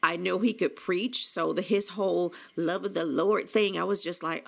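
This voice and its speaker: An author candidly recounts her own story, rambling, restarting often, and quoting conversations along the way. Her voice is on the low side, creaky and fairly bright, and she speaks a little fast.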